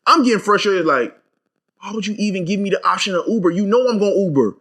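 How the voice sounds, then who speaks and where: A man's voice: high voice, animated, fast, a bit bright. A young man co-hosting a podcast in casual chat, telling a story emphatically and swearing freely as he vents. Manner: emphatic, profane, venting storyteller. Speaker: podcast co-host.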